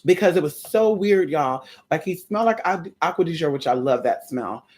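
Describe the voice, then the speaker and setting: A young adult woman telling her viewers a story in a casual, animated way. She swears freely and keeps calling them y'all. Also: deep voice, brisk. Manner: animated, chatty, profane, addresses viewers as y'all. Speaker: spiritual content creator.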